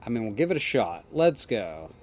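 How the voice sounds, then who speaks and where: A man's voice: mid-range voice, big pitch swings, moderate pace. A man hosting a let's play, commenting casually with goofy, self-mocking asides.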